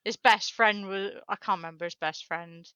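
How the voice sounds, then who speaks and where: A chatty woman co-hosting a casual geeky podcast. Her voice is bright and forward. The recording is dry and slightly lo-fi. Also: mid-range voice, steady tone, moderate pace, clear, resonant tone, dry recording. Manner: chatty, laughs often, retells stories with restarts. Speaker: podcast co-host. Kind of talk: casual chat.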